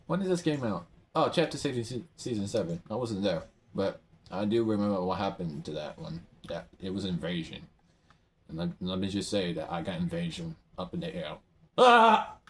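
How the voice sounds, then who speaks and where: A man rambling through a game's item shop in casual commentary, excitable, his voice often jumping up high. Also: fairly quick, slight background noise. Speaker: gamer browsing an item shop.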